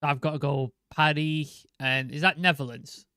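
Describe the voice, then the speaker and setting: Male co-host, bright and forceful, muttered asides and casual swearing. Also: on the high side, steady tone, normal speed, smooth, no echo, clean studio sound. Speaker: podcast co-host, quiz contestant. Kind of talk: casual chat.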